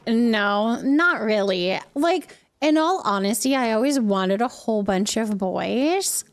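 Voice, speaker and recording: A woman's voice: fairly high pitch, animated, slow pace. A woman in her thirties, a mother, chatting casually with her viewers on a live stream while she plays a game, laughing often. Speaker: livestreamer and mother.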